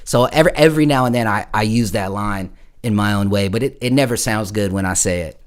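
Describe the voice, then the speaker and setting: A man's voice: on the low side, fast talker. A man from Florida, a musician chatting live with viewers, telling stories in a rambling, profane way. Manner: rambling, profane storytelling, full of "bro". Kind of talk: casual livestream chat.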